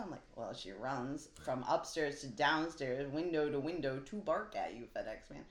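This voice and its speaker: A woman co-hosting a podcast in casual chat, telling a story with lively quoted voices. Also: extremely low pitch, moderate pace, hardly any pauses. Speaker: podcast co-host. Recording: echoey room.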